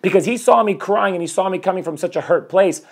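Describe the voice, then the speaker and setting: Husky, high-sitting, and quick, this voice belongs to a forties-aged life coach streaming from his home. He greets viewers as they come in and rambles energetically through a motivational sermon about improving oneself.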